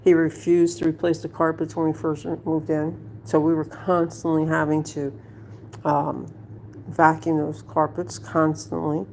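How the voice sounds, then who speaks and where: A woman's voice: sits low, flat delivery, unhurried, gravelly, a little mellow, slight background noise. A woman at home telling a story to her viewers in a blunt, rambling way, swearing freely. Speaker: vlogger. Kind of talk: casual storytelling to camera.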